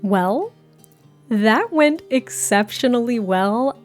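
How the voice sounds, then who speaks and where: A woman's voice: fairly high pitch, expressive, takes it slowly. Giddy gamer woman chatting over her sims gameplay, laughs a lot, faint music behind. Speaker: gameplay YouTuber. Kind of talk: casual gameplay commentary.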